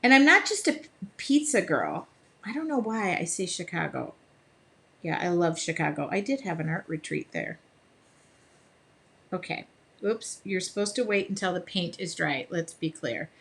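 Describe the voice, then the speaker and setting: Bubbly bright-voiced woman chatting while painting. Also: lowish voice, big pitch swings, moderate pace, vocal fry, pauses often. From American Midwest. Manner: chatty, laughs often, sings snatches of songs; reads viewer comments aloud. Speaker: art teacher hosting a live stream. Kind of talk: casual live-stream chat while painting.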